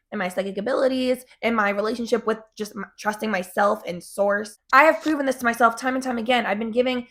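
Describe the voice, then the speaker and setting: A woman's voice: fairly high pitch, a bit bright. A young woman talking casually to camera in a chatty way, swearing often and filling her talk with "like". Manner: chatty, frequent swearing and fillers. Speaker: vlogger.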